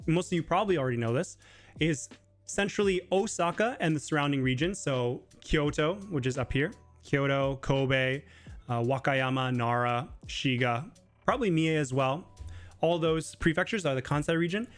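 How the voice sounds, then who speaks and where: A man's voice: fairly high pitch, normal speed, faint music behind. A man hosting a casual live Q&A stream, explaining Japanese in a chatty way full of filler words. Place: living in Japan.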